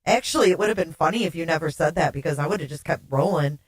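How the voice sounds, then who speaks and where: A woman's voice: sits low, quick pace, slightly rough. A woman hosting a casual livestream, chatting and reading viewer comments aloud, her voice sounding odd, warbly and echoey. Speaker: livestream host.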